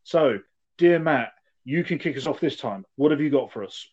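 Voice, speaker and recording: A man's voice: medium pitch, lively intonation, normal speed, a little mellow, lo-fi sound. A man co-hosting a podcast, making playful mock-formal segues in casual chat. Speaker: podcast co-host.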